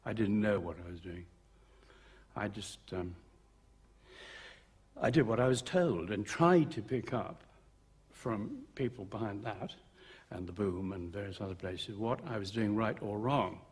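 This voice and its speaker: A man's voice: lowish voice, a little slow, long pauses, breathy edge. An older man in his seventies, a veteran actor, recalling his film career in an interview with wry, theatrical storytelling and acted-out dialogue. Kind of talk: reflective interview anecdotes.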